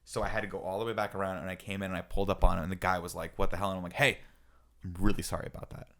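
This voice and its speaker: A young man with a somewhat low voice rattles through a story on a casual podcast. He talks quickly and acts out what each person said. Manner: animated storyteller, acts out quoted lines. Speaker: podcast co-host.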